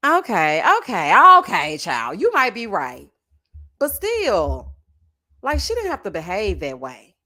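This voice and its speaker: A woman's voice: fairly low pitch, wildly swooping pitch, unhurried, sharp tone. A middle-aged woman, hosting casual, dramatic reaction commentary and reading viewer comments with sass and laughter. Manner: sassy, dramatic, laughing, calls viewers honey and child. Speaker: reality TV commentary host.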